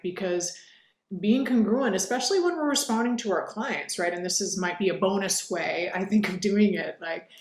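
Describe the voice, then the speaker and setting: A woman's voice: fairly low pitch, roomy sound. A woman co-hosting a hypnosis training discussion, explaining ideas in an earnest, explanatory way. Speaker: co-host, hypnotist. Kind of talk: teaching discussion.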